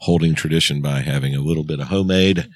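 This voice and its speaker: A man's voice: extremely low pitch, fast talker. A middle-aged man co-hosting a podcast, laid-back and wry, sharing trivia over drinks. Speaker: podcast co-host. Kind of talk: casual chat over drinks.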